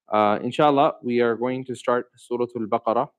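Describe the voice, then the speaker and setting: Guy teaching a quran class, quizzes the students, spells out terms slow. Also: mid-range voice, fairly even intonation, smooth, poor audio. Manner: asks students questions, repeats terms slowly. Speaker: Islamic teacher.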